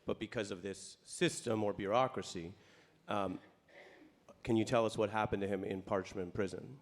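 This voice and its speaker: A man moderating a panel, gentle and supportive, with frequent restarts. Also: fairly low pitch, fairly even intonation, moderate pace. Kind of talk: panel discussion.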